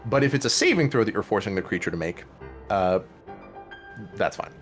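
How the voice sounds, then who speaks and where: A man's voice: fairly low pitch, big pitch swings, a little fast. Man methodically running a tabletop game. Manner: methodical, explains rules step by step. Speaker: dungeon master. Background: background music.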